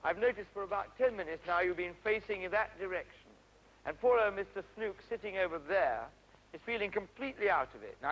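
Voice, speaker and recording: Brisk high-voiced man directing a rehearsal. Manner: brisk, instructive, stops and corrects actors. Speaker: drama teacher directing a rehearsal. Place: outdoor stage rehearsal. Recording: dull, faintly noisy 1970s archive recording.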